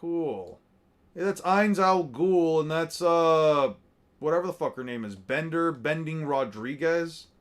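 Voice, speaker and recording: A man's voice: a little high, unhurried. Profane young man muttering commentary. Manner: profane, rambling, mutters names as he scans. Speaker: streamer reacting to artwork. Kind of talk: casual commentary.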